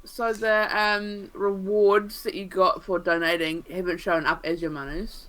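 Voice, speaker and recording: Woman player, unhurried, bright voice, patient explainer. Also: medium pitch, flat delivery, poor audio. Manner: explains things patiently with fillers. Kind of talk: casual chat on a streamed tabletop game.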